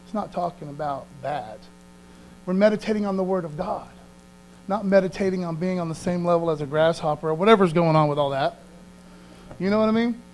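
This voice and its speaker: A man delivers a folksy, conversational sermon in a noticeably high voice. He keeps checking in with his listeners and slows down when he reads verses aloud. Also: a little hiss or hum, rough recording. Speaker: preacher. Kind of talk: conversational sermon with scripture reading.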